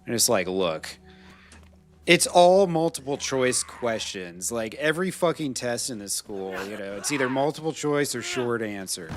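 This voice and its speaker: An American man, probably in his thirties, chats casually and profanely on a live game stream, laughing often between rambling stories. His medium-pitched voice has lively intonation and a normal speed, with slight background noise. As a gaming streamer, he swears, laughs, and drifts into rambling asides.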